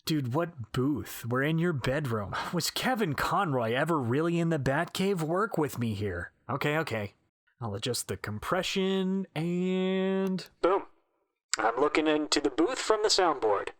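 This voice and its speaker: A man's voice: on the high side, animated, moderate pace, hardly any pauses, a bit bright. A man with a Midwestern accent, hosting a podcast with playful, bantering scripted comedy he does with himself from his bedroom. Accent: American Midwest. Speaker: podcast host. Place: home bedroom.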